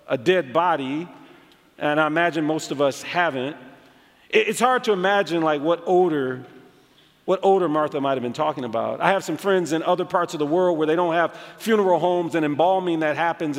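A man preaching a sermon, telling a story with animated emphasis and acting out quoted lines. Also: fairly high pitch. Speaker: pastor. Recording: long hall reverb.

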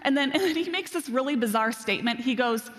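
A woman preaching a sermon, telling self-deprecating stories in an animated way. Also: high-pitched, fast. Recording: reverberant hall.

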